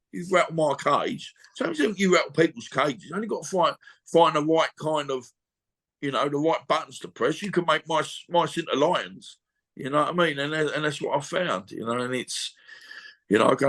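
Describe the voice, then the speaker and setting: A man with a fairly high, fairly bright voice, a boxer interviewed over a video call. It's an emotional, casual interview where he talks bluntly and at length, swearing freely and circling back with "you know what I mean."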